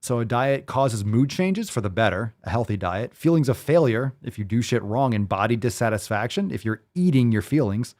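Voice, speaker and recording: A podcast host lays into whatever he is reading with sarcastic, profane commentary. His voice is mid-pitched but swings widely as he mocks and emphasizes, shifting from flat muttering to sudden jabs. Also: normal speed, hardly any pauses.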